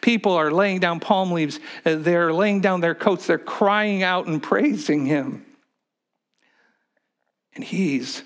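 A man preaching a sermon, swinging between loud, emphatic stretches and hushed, whispered ones. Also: high-pitched, slow pace. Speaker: pastor.

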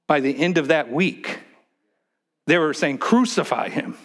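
A man preaching a sermon, swinging between loud, emphatic stretches and hushed, whispered ones. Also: on the high side, a little slow. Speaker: pastor.

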